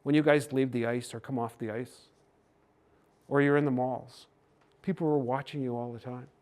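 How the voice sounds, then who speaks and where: An older Canadian man giving a gentle, folksy storytelling talk to a hockey team. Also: medium pitch, fairly even intonation, normal speed. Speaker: speaker on cultural mindfulness.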